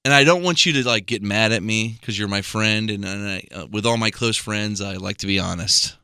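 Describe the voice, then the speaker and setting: An American man co-hosting a podcast, teasing his friend in a mock-exasperated, animated way. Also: lowish voice, fairly quick, smooth, no room sound, studio quality. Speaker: podcast co-host. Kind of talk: casual podcast banter.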